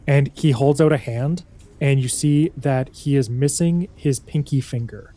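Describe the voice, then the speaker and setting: A man's voice: medium pitch, a little slow, dark tone, no room sound. A man running a tabletop game as dungeon master, narrating in a casual, loose way.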